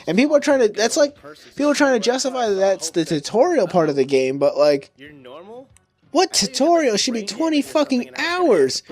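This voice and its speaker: A man's voice: extremely high pitch, moderate pace. A young man giving casual commentary on his own video review, ranting and swearing freely. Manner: ranting, profane, animated.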